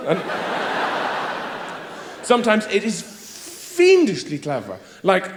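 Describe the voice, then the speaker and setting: A man from Ireland doing a stand-up comedy set, rambling, muttering into asides and then bursting into loud mocking quotes, recorded live in a roomy venue. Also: sits high, wildly swooping pitch, moderate pace, long pauses.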